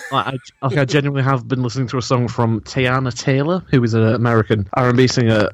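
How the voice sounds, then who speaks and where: A man's voice: medium pitch, steady tone, fast, slight background noise. A man chatting as a podcast guest, rambling and giggling often as he talks. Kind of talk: casual chat.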